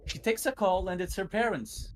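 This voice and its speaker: A man's voice: sits high, moderate pace, slight background noise, low-quality recording. Nervous stuttering man telling a story. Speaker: guest storyteller. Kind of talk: casual spooky storytelling.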